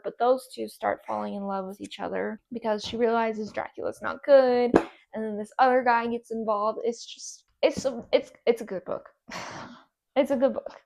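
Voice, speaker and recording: Higher-voiced enthusiastic book vlogger, woman, gravelly fry, gushes on and on. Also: darkish tone. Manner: gushing, enthusiastic, repeats herself. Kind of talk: casual book recommendations.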